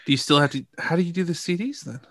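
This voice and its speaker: A man's voice: on the high side, expressive, rapid-fire, fairly bright tone, no room sound. A man hosting a podcast, chatting casually in a jokey, rambling way and laughing often. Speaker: podcast host. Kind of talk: casual chat.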